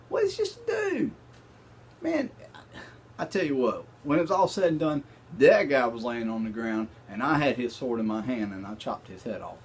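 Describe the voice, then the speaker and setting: A man's voice: sits high, vocal fry, a little hiss or hum, pitched above the performer's own voice, exaggerated voice. A man playing a boastful young shepherd who swaggers through a battle tale in slangy, brash exclamations. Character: boastful young male shepherd bragging about his battle.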